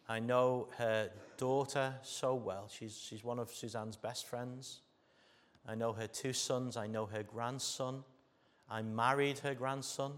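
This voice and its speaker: A man with an English accent preaching a sermon as pastor, moving between loud emphatic passages and soft intimate ones, often asking the congregation rhetorical questions. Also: medium pitch.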